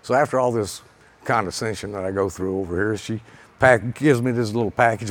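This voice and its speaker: A man, a pilot and author, telling a story from a stage in a salty, animated way, his voice rising and heating up at times. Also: on the low side, brisk. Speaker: pilot and author giving a talk. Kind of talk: storytelling presentation. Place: event stage.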